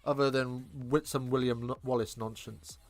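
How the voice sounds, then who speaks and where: A man with an English accent doing casual live match commentary, trading cheeky, crude banter with chat between excited calls of the play. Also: mid-range voice, moderate pace, faint music behind. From England.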